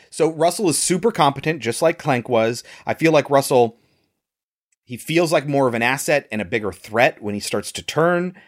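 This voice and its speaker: A man casually discussing a film, laughing often and comparing characters with firm opinions. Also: fairly high pitch. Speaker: podcast co-host.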